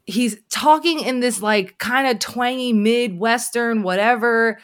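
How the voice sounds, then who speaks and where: A woman hosting a casual conversation, telling candid stories in an animated way with many fillers. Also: a little high, measured pace.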